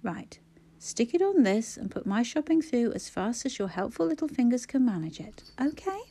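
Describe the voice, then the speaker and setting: A woman voicing a brisk shopper who speaks with sarcastic emphasis. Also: a little high, big pitch swings, mellow. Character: brisk sharp-tongued woman shopper, kind but sarcastic.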